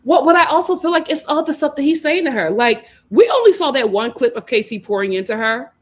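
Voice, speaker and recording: A woman hosts a casual recap show. She talks in an animated way, laughs often, and acts out lines from the people she discusses. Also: high-pitched, a little fast. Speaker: host.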